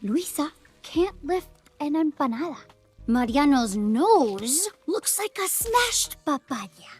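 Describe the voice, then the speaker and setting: An actress voicing a sharp-tongued young woman in an animated film, mocking and scornful, in a film clip. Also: sits high, slow, full character voice. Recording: film clip with faint music.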